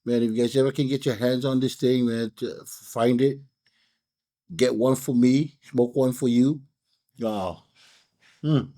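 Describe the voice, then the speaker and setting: A man's voice: medium pitch, steady tone, unhurried, long pauses, mellow. Laid-back man with a Hawaiian pidgin accent. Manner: rambling, laid-back storytelling with many fillers and restarts. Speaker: cigar reviewer and storyteller. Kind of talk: casual chat.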